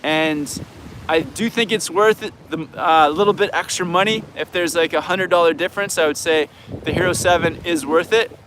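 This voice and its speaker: A man's voice: on the high side, moderate pace, fairly bright tone, slight background noise. A man with a Canadian accent hosting a live viewer Q&A, talking in an easygoing, frank way and thinking aloud. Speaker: snowboard coach and channel host.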